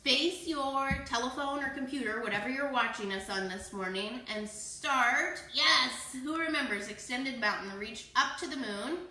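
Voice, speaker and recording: A woman's voice: sits high, unhurried, few pauses, pushed and bright, slight background noise. A woman teaching a children's yoga class, playfully encouraging and cueing poses and breaths, with animal sounds. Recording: echoey room.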